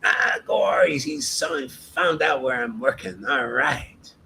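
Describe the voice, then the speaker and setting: A man's voice: mid-range voice, expressive, slow pace, creaky, bright, forceful tone, a little hiss or hum, low-quality recording. A man leading a devotional meetup, giving an informal spiritual talk in an emphatic, exhorting way and often addressing listeners as "man".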